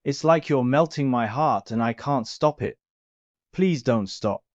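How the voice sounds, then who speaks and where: A man's voice: mid-range voice, measured pace, dry recording, close to an everyday voice. A man voicing a tender young lover. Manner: soft, gushing and sentimental. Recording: dull lo-fi recording.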